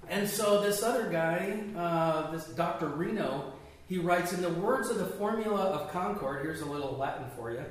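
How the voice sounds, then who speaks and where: A man's voice: high-pitched, expressive, normal speed, recorded from a distance. Man teaching a Bible class, echoey. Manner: conversational, asks the group questions. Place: room with a small group. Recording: echoey room picked up from afar.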